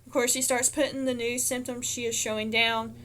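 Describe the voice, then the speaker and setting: A woman with a slightly high-pitched voice recaps a TV episode in a relaxed, chatty way. She retells scene after scene, quoting the characters as she goes. Her talk is full of fillers and quick self-corrections. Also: background noise. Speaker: TV episode reviewer.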